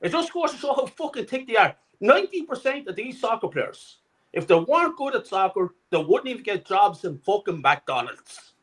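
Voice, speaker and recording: A middle-aged man tears into a furious, profane rant as a fan-channel co-host. His voice sits high and leaps all over the place as he shouts. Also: sing-song, normal speed, poor audio. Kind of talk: angry ranting fan commentary.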